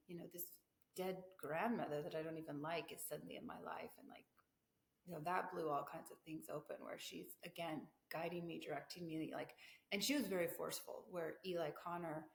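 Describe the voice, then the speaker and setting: A woman's voice: lowish voice, moderate pace, creaky. A middle-aged woman hosting a video podcast, telling a personal story casually, rambling, breaking off her own thoughts and laughing between them. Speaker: podcast host. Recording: echoey room, faint background hum.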